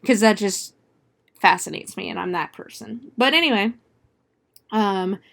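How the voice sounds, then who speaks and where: A woman's voice: mid-range voice, unhurried, vocal fry, a bit bright. Chatty, swearing woman podcaster. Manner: chatty, profane retelling with frequent "like"; laughs and exclaims often. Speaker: podcast host. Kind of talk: casual movie recap.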